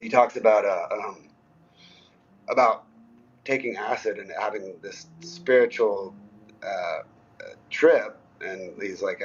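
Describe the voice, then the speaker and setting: A lowish, husky-voiced man talking over his own songs in an easygoing way, stopping often to search for words. The recording sounds a little dull and lo-fi. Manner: halting, lots of ums, easygoing. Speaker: musician guest. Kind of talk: casual interview talk.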